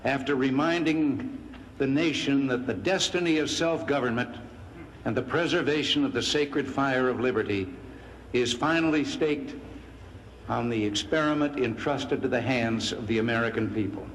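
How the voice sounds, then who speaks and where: A man's voice: mid-range voice, normal speed, a little hiss or hum. Older man joking in a reverberant hall. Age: 70s. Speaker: politician giving speeches. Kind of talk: humorous speech, telling jokes. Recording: speech in a large hall with long reverb.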